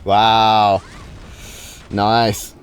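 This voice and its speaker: This UK streamer speaks very slowly in a lowish, clear, resonant voice with little pitch movement. He's casually narrating his live game duels, often reacting, letting out wows and starting sentences over, while faint game music plays in the background.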